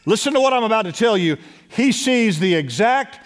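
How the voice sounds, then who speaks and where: A man preaching a sermon as pastor, urging his congregation to respond and dropping at times to a hush. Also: sits high, lively intonation, normal speed. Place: church sanctuary. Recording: long church hall reverb.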